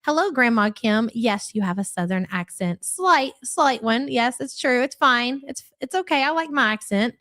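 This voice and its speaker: A woman's voice: on the high side, animated, moderate pace, few pauses, a bit bright, dry recording. Chatty Louisville-accented woman streamer. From Kentucky. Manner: chatty, blunt, swears casually. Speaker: live reaction streamer. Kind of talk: live stream commentary, reading chat.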